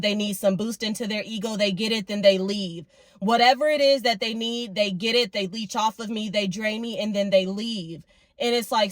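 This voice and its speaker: A woman's voice: medium pitch, dry recording. A young woman, talking candidly and heartfelt in a confessional vlog. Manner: heartfelt, tearful at times, repetitive and candid. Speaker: vlogger.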